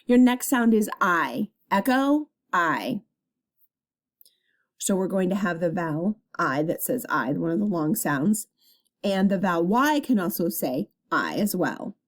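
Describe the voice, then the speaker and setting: A woman's voice: fairly low pitch, very animated. Patient woman dictating a spelling test. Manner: patient, clear, dictating words slowly. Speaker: teacher.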